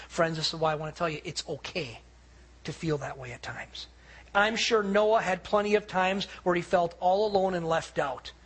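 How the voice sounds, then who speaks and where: Husky-voiced preacher man, high pitched. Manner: animated storytelling preacher, acting out quoted voices. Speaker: pastor. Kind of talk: sermon.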